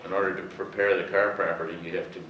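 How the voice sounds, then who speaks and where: Talking fast in a low-pitched voice with little pitch movement, an older man rambles through racing stories before an audience, using lots of fillers. The recording is roomy and far off, carrying a faint hiss.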